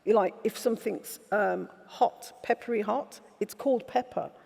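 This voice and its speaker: A woman's voice: mid-range voice, normal speed, creaky, darkish tone, breathy edge. A woman, an author telling candid, wry stories in an onstage festival conversation. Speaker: author guest. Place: festival event stage. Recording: reverberant festival hall.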